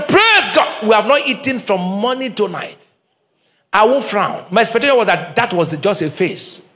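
A man's voice: high-pitched, a bit bright. A middle-aged man, a pastor preaching a humorous sermon with call-and-response and Pidgin asides in a church.

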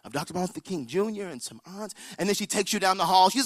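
A man telling a story in a sermon to a live audience, animated and dropping to a whisper for drama. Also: sits high, very fast, hardly any pauses, dry recording, studio quality.

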